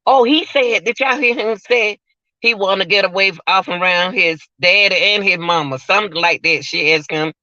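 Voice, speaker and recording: A man's voice: high voice, normal speed, pushed and bright, dry recording, lo-fi sound. A man giving emotional, repetitive livestream commentary, talking straight to his viewers.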